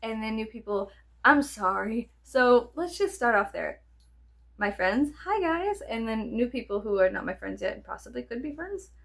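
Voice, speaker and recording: A woman's voice: on the high side, normal speed, gravelly, a bit bright. A young woman vlogger chatting casually to her viewers, playful and swearing often, dropping to near whispers and jumping to sudden squeals. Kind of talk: rambling casual chat to camera.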